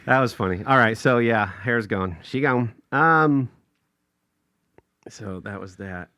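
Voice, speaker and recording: A man's voice: medium pitch, slow pace, no room sound, studio quality. A man co-hosting a podcast, telling a casual story with lots of laughter and acted-out quotes. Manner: animated, laughs often, acts out quotes in raised voices. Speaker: podcast co-host.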